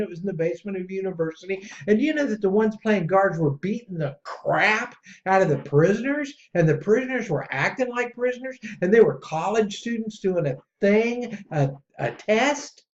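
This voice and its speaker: A man hosting a podcast in a casual, rambling monologue that gets excitable. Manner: excitable and rambling, jumps between pitches. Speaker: podcast host. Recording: dull lo-fi audio.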